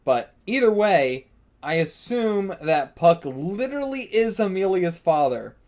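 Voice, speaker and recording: A man hosting a live manga reading reaction. He talks in an excitable, rambling way and swears a lot. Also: high-pitched, measured pace.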